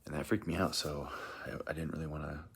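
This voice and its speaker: A man's voice: a bass voice, fairly even intonation, quick pace, fairly bright tone, breathy edge. A man telling a strange personal experience in a rambling, hesitant way, often dropping into a whisper. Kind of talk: casual first-person account.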